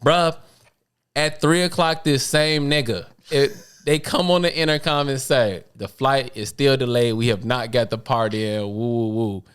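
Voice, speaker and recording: A young man with a Chicago accent telling a long story on a podcast, animated, laughing often and acting out the other people's voices. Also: mid-range voice, a little slow, clear, resonant tone. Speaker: podcast co-host. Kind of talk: casual storytelling.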